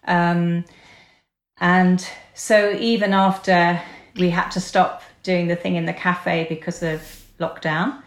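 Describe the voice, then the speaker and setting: A woman podcast guest telling a personal story in an earnest, conversational way, often pausing on "um". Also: fairly low pitch, level tone. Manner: earnest, hesitant with frequent ums. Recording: roomy echo.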